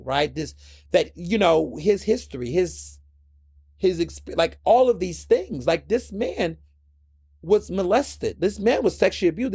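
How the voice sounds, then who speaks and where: A man's voice: high-pitched, gravelly, slightly rough, dry recording, clean studio sound. A man hosting his own podcast, giving blunt, impassioned solo commentary and repeating words when worked up. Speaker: podcast host.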